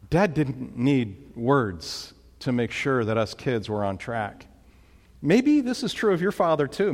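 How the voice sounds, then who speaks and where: A man's voice: mid-range voice, in a large hall. A man preaching a sermon, emphatic, with dramatic rises when he quotes commands. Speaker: pastor.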